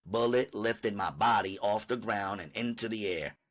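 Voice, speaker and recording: A man's voice: on the low side, moderate pace, a bit bright. A man reading an audiobook aloud in first-person narration.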